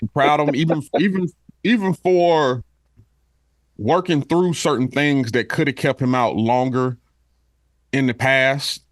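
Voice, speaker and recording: A man co-hosting a sports podcast, speaking haltingly with many fillers. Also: medium pitch, dry recording, clean studio sound. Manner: halting, full of "you know" fillers. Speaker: podcast co-host. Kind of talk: casual sports podcast chat.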